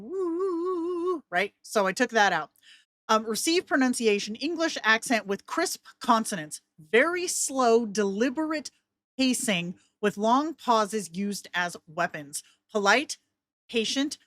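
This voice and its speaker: A woman walking through a voice software tool in a casual, chatty way, with joking asides to herself. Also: mid-range voice, dry recording, studio quality. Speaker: content creator.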